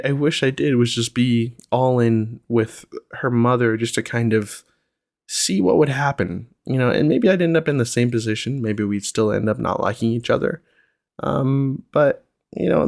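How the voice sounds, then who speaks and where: A man's voice: fairly low pitch, no echo, clean studio sound. A young man hosting a podcast, talking in a reflective, rambling way with lots of fillers. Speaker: podcast host. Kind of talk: casual solo podcast chat.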